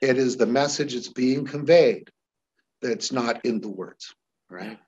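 Husky man teaching hypnosis, lo-fi sound. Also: mid-range voice, unhurried. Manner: animated, shifts voice dramatically for demos. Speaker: hypnosis trainer. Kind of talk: teaching demonstration with voice examples.

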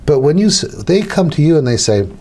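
A man's voice: fairly high pitch, sing-song, brisk, warm tone. A middle-aged man who works as a hypnotist, teaching other hypnotists in a casual, conversational way. He repeats his key phrases and acts out little dialogues. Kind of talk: instructional talk to camera.

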